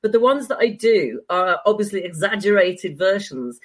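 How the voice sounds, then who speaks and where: A middle-aged woman from the UK with a standard British accent, a former journalist chatting as a guest, chatty and quick to laugh. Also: mid-range voice, expressive. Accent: standard British (BBC English). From United Kingdom. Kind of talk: casual interview chat.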